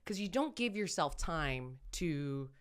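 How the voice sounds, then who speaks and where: Woman w a low voice, actress guest on a podcast, rambles and restarts a lot. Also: slow. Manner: rambling, self-correcting, animated storyteller. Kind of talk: casual conversational interview.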